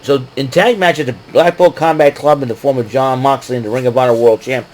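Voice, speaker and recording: A man's voice: mid-range voice, steady tone, fairly quick, darkish tone, low-quality recording. A man casually recapping a wrestling show, rambling with lots of fillers and frequent laughs. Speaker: podcast host recapping wrestling.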